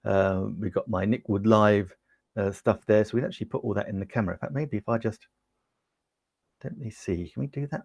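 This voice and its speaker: A man's voice: fairly low pitch, a little fast, a little mellow, lo-fi sound. An English man hosting a livestream, chatting upbeat with viewers and demonstrating a camera, with lots of ums, on a lapel mic in a small home studio. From United Kingdom. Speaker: livestream host demonstrating gear. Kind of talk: casual product demo on a livestream.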